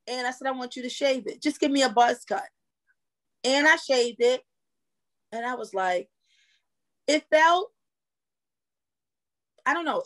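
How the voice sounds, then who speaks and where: A woman guest in a podcast interview, telling a personal story in an animated, laughing way. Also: fairly high pitch.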